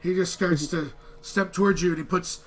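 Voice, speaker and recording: A man's voice: high voice, fairly even intonation. Man narrating a tabletop game. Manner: halting, filler-heavy narration. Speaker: game master.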